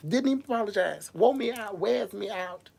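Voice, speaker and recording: This livestream rant comes from a woman with a mid-range, creaky, dark-toned voice, animated and at a moderate pace. Worked up and emotional, she addresses her audience directly, tripping over her words and circling back to repeat them.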